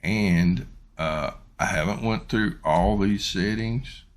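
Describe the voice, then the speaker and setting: A man giving a casual microphone review, rambling and unhurried with many ums and uhs. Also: deep voice. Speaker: YouTuber reviewing his microphone. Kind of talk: casual unboxing and product review.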